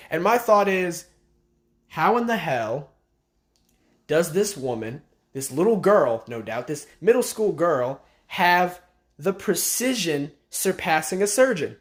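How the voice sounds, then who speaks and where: A man's voice: a little high, big pitch swings, slow pace. A man recapping a TV episode in an exasperated, sarcastic, profane rant. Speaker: video commentator. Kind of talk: ranting TV show recap.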